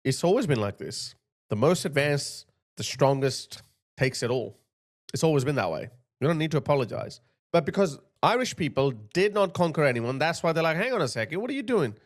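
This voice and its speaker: A man's voice: mid-range voice, animated, normal speed. A man in his thirties hosting a reaction commentary, talking in a mocking way and putting on the voices of the people he describes. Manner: mocking, puts on voices of others. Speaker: commentary host.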